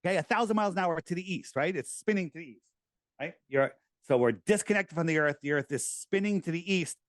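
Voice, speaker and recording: A middle-aged American man talking casually in an interview, animated and rambling, with many restarts. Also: fairly high pitch, fast, no echo. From United States. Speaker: podcast host, guest.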